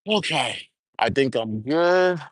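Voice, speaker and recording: A man's voice: on the high side, animated, takes it slowly, no echo. Wry grumbling man on a dry live stream. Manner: wry, grumbling, talks to himself. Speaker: livestreamer. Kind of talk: casual live-stream chat. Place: outdoors at a zoo.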